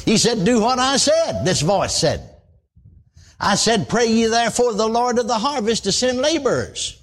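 A man's voice: very high-pitched, big pitch swings, normal speed. A man preaching a sermon in a folksy style, often exclaiming praise and asking for amens. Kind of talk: radio sermon.

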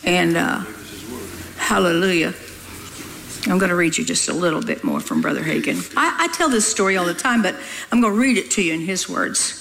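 A woman's voice: fairly low pitch, sing-song, a little fast, vocal fry, fairly bright tone, slight background noise, poor audio. An older woman preaching a sermon in a folksy, emphatic way, scolding her listeners with humor.

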